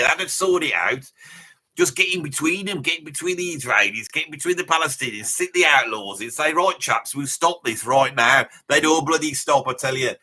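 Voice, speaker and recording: A man's voice: medium pitch, bright, forceful tone. A man putting on a brash, mouthy metalhead bloke with a Birmingham accent, blustering and rambling through a live reaction stream. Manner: blustering and rambling, swears casually, laughs at his own jokes. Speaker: livestream host in character.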